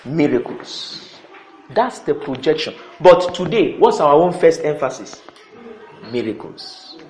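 A man with a high voice preaches in a church. He leans hard on key words, repeats them and pulls answers from the congregation. The sound rings around a roomy hall. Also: very animated, takes it slowly, a little mellow, a little hiss or hum. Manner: emphatic, repeats key words, calls for responses. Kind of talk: sermon.

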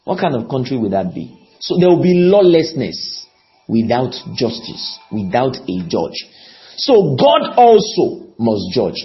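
A man's voice: sing-song, unhurried, highs cut off. A man preaching a sermon, pleading with his listeners and often asking them questions. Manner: pleading, rises on key words then drops low; repeats and asks the audience questions.

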